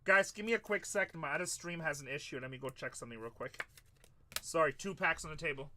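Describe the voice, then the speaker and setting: A man's voice: fairly high pitch, fast, sharp tone. A man hosting a live card-break stream, chatting and bantering with viewers as he opens packs. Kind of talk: casual live-stream chat.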